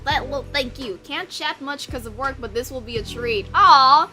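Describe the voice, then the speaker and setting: A woman's voice: sits high, unhurried, few pauses, over loud music. A young woman streamer from the United States chatting casually with her live chat, bubbly, rambling and swearing as she mocks herself.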